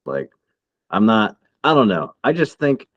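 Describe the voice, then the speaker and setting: A man's voice: fairly low pitch, big pitch swings, measured pace, breathy edge, no room sound, dull audio. A man in his thirties co-hosting a casual podcast chat, heated and swearing a lot. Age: 30s. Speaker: podcast co-host.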